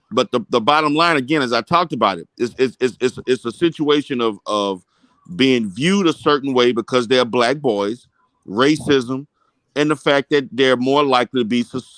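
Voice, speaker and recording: A man's voice: medium pitch, expressive, normal speed, fairly bright tone, no room sound. Earnest man making a point, dry sound. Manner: earnest, repeats words while building a point. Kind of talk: heated panel discussion.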